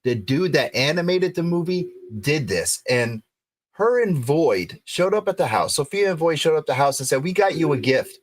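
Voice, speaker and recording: A middle-aged man hosting a podcast live stream, excitable and rambling, with lots of restarts. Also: fairly high pitch, moderate pace. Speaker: podcast host. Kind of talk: casual live-stream chat.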